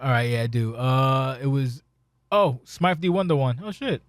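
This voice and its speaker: Profane, excitable man hosting a podcast. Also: medium pitch, moderate pace, no room sound, clean studio sound. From Spanish heritage. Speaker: podcast host. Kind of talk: casual podcast chat.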